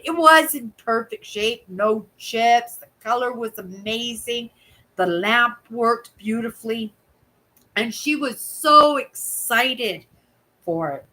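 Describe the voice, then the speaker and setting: Chatty older woman, bright voice. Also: on the high side, slow pace, low-quality recording. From Canada. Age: 60s. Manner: chatty storyteller, keeps asking "right?"; acts out voices in quoted dialogue. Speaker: channel host. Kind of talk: casual live chat.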